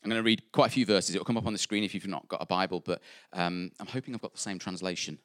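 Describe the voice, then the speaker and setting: In clean, dry studio sound, a man with a low, slightly bright voice preaches in church at a quick clip and a steady tone. His sermon is conversational and jokey, mixing scripture reading with fillers, asides and self-interruptions.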